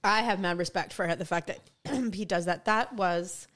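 A woman's voice: fairly low pitch, measured pace. A woman co-hosting a casual podcast chat, swearing and laughing while her mouth burns from hot sauce. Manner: animated, swearing, laughing through burning-mouth complaints. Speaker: podcast co-host.

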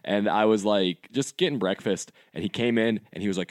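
A man's voice: on the low side, moderate pace, few pauses, a little mellow, no room sound, studio quality. A young man co-hosting a casual podcast, joking around, laughing often and swearing casually. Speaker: podcast co-host. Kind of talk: casual chat.

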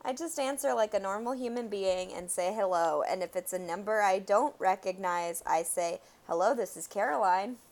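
A young woman chats eagerly on a podcast. Her voice sits at an ordinary middle pitch, and she sounds casual and enthusiastic. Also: normal speed, few pauses, a little mellow. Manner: enthusiastic, chatty. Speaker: podcast co-host. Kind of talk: casual chat.

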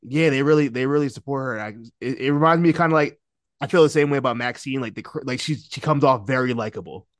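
A man's voice: mid-range voice, fast talker, no room sound, studio quality. A man hosting a podcast in casual chat, rambling, restarting sentences and laughing often. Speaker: podcast host.

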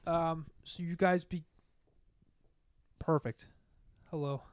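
A casual male game master with a high voice, narrating a tabletop game over a call in a loose, joking way. The sound is dry and close. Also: steady tone, slow pace, dry recording. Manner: loose, casual, laughs easily.

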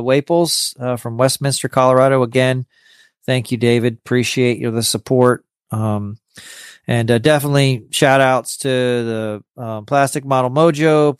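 Halting male podcast host, smooth dry voice. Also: mid-range voice, no echo. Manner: halting, with many stammered restarts. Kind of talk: casual podcast chat.

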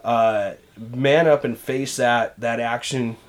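A man's voice: medium pitch, fairly even intonation, slow. A middle-aged man co-hosting a casual talk show, earnest and conversational, talking through how parents handle their kids. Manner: earnest, conversational, frequent fillers. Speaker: podcast co-host. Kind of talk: casual chat.

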